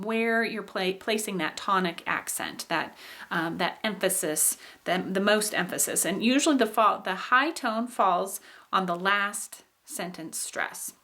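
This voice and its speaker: A woman's voice: medium pitch, a bit bright. A woman teaching a recorded phonetics lesson, explaining in a patient way with frequent fillers and acting out example sentences. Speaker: instructor.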